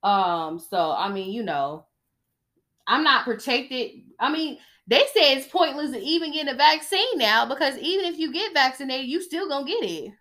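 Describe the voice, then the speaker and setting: A woman's voice: high voice, expressive, normal speed, sharp tone. A woman hosting a podcast, talking in a blunt, chatty way about reality TV, often checking in with "okay?". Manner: blunt, chatty, emphatic with frequent "okay?" asides. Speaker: podcast host. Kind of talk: casual gossip commentary.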